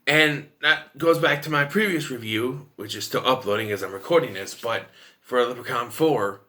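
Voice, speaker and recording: A man's voice: mid-range voice, moderate pace, sharp tone. A man giving a casual, rambling and opinionated film review to camera.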